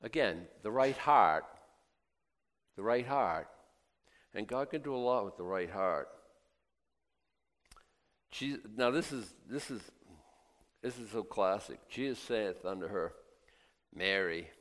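A man preaching a sermon, swinging between quiet reflection and loud excited emphasis, acting out the voices of biblical figures and doubters. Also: on the low side, slow pace, long pauses. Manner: laughs now and then, talks in restarts.

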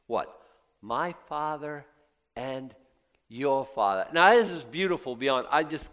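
A man preaching a sermon, swinging between quiet reflection and loud excited emphasis, acting out the voices of biblical figures and doubters. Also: medium pitch, takes it slowly. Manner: laughs now and then, talks in restarts.

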